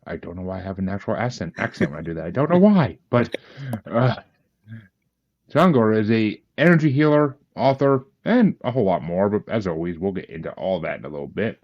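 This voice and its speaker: Lively, self-deprecating male podcast host. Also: fairly low pitch, brisk. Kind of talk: casual podcast interview. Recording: dull lo-fi audio.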